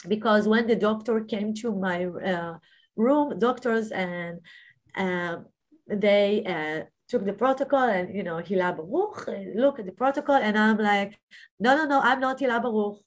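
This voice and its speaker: Woman with halting, searching speech. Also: mid-range voice. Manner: halting, searching for words, many fillers; swells with emphasis on key phrases. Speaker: guest telling her near-death story. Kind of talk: personal testimony.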